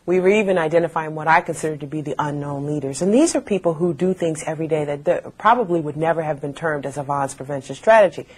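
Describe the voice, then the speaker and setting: A woman in a documentary interview explaining her work in a measured way. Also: low voice, a little mellow, breathy edge.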